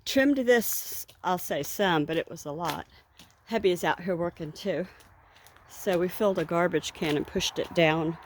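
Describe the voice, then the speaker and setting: A woman's voice: fairly low pitch, a little slow, a little hiss or hum. A woman chatting casually in a vlog while walking outdoors through her garden, rambling and laughing now and then, a little out of breath. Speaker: vlogger.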